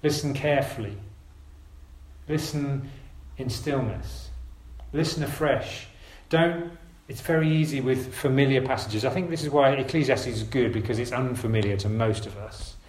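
A man preaching a sermon to his congregation, earnest and gentle, urging his listeners with repeated phrases. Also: mid-range voice, normal speed, roomy sound, a little hiss or hum, poor audio.

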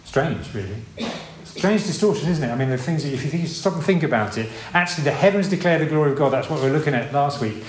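A man's voice: a little high, expressive, fast talker, few pauses, a little hiss or hum. A man preaching an informal sermon in a conversational, rambling way, with many restarts and asides. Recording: roomy hall with faint ambience.

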